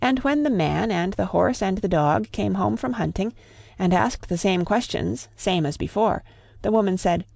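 A woman reads a classic tale aloud with a measured, rhythmic storybook delivery. Her voice has a noticeable gravelly texture. The recording is close and dry, with no room sound. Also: mid-range voice, expressive, a little mellow, no room sound.

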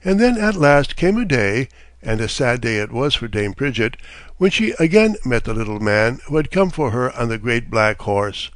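Brief: steady male storybook narrator, mid-pitched voice, dead-dry recording. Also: moderate pace, no room sound. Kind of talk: storybook reading.

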